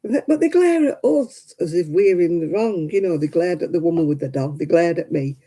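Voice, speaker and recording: A woman's voice: fairly low pitch, animated, fairly quick, dark tone, rough recording. An older woman chatting on her craft livestream, ranting indignantly and rambling with plenty of fillers. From United Kingdom. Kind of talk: casual chat while crafting.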